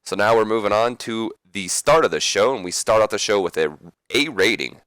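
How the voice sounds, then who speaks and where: A man's voice: on the low side, lively intonation, a little fast, a bit bright, no echo. A young man casually narrating a wrestling management game, reading out results and making chatty, self-deprecating asides on a close microphone. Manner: chatty, reads event text aloud, self-deprecating asides. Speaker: let's play narrator.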